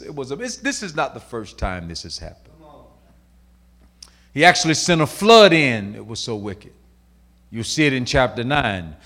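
Animated, bright-voiced male preacher. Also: high voice. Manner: swings from shouting to hushed, quoting voices. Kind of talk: sermon.

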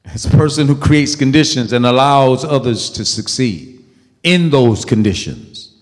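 A man preaching a sermon as pastor, emphatic and call-and-response, with sudden loud peaks. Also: mid-range voice, lively intonation, unhurried, in a large hall.

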